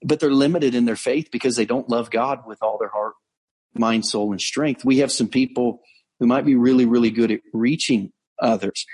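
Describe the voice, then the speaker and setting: A man, a pastor, telling a story in a conversational sermon, earnest, slowing down to stress key points. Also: medium pitch, darkish tone, husky. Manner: earnest storytelling, frequent restarts and slowed emphasis. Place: on location abroad.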